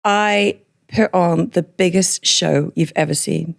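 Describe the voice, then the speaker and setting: A woman from northern England with a hybrid northern English and Scottish accent, talking frankly as a podcast guest, chatty and quick to laugh. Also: fairly low pitch, gravelly. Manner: frank, chatty, laughs often, slows for emphasis. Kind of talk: candid personal interview.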